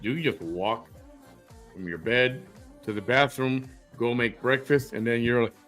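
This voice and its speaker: A blunt man talking straight to his audience in a reaction commentary. His pitch sits mid-range, and he fires off challenging rhetorical questions. Faint music plays underneath. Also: a little slow, a bit bright. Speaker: host. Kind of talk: opinion commentary reacting to clips.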